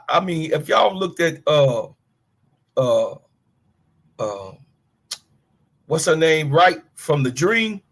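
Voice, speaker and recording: A middle-aged man hosts a sports talk stream and rants hard. His voice is a little husky and sits on the high side for a man. He talks bluntly, swears freely and calls out to his chat. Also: fairly bright tone. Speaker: sports show host. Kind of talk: heated livestream rant.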